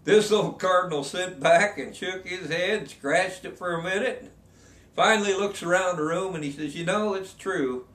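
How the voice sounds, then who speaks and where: A man telling a dirty joke in a folksy drawl, jumping into high voices for the people in it. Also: fairly bright tone. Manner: folksy drawl, quick jumps into high voices for the quoted characters. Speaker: joke teller. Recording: echoey room from a distance.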